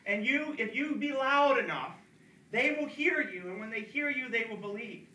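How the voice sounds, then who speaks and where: A big, gentle storybook elephant pleads urgently in a high, rising voice, as a man retells the tale. The voice rings out in a roomy, echoing space, picked up from afar. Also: lively intonation, moderate pace, exaggerated voice. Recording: echoey room, distant mic.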